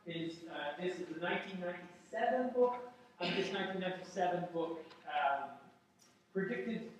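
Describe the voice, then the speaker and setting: A university lecturer with a high voice addresses his class, playful and emphatic, repeating key phrases for effect. He is recorded from across a lecture hall, so his voice sounds distant. Heavy room echo trails every sentence. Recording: echoey lecture hall from far off.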